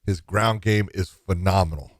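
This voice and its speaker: A man's voice: sits low, moderate pace, no room sound. A man co-hosting a podcast in casual chat, blunt and emphatic, swearing freely. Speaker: podcast co-host.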